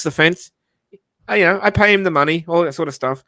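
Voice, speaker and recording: A man's voice: fairly high pitch, fairly quick, bright, forceful tone, no room sound, clean studio sound. An Australian man telling a long anecdote in casual livestream chat, rambling with restarts and frequent swearing. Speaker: livestream host.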